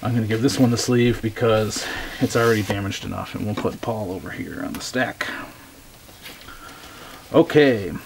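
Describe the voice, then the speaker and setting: A man chatting casually as he shows off his record finds, relaxed and eager, with many ums. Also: lowish voice, moderate pace, gravelly, pauses often, background noise. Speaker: record collector showing finds. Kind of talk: casual show-and-tell vlog.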